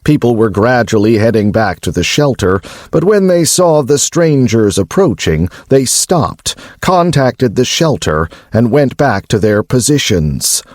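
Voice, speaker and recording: A man narrating an audiobook in a measured storytelling manner. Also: medium pitch, very animated, darkish tone, no room sound, studio quality.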